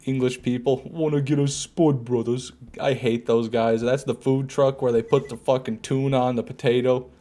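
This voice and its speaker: Speaking at medium pitch and normal speed with hardly any pauses, a streamer chats and jokes with viewers during a game. His commentary is relaxed and somewhat repetitive.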